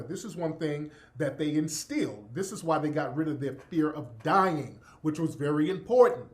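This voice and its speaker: Male commentator, emphatic and profane, preacher cadence, lively high voice. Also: normal speed, few pauses. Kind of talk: impassioned monologue.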